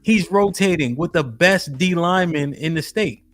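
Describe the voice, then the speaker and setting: A man's voice: fairly high pitch, moderate pace, a bit bright, soft background music. A man hosting a live stream, talking casually and greeting chat viewers by name while he breaks down a video. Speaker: streamer host reacting to a video.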